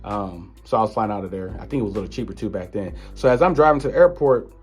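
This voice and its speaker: A man casually telling a story from his own life in an animated, disbelieving way. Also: lowish voice, fast, breathy edge, faint music behind. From United States. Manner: animated, incredulous retelling of an encounter. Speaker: vlogger.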